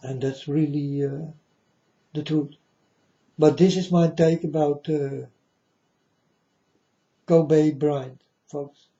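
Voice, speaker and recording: A man delivers a preachy monologue to viewers in a slightly high but very dark, mellow voice. He talks haltingly and grandly, calling out to his folks again and again, on a dull lo-fi recording. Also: steady tone. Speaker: self-styled preacher vlogger.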